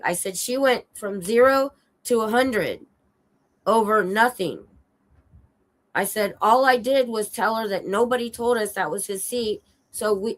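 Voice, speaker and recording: A sick, hoarse woman chatting casually on her stream, telling an animated story and acting out quoted lines with a bit of swearing. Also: mid-range voice, rough recording. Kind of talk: casual chat. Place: home streaming setup.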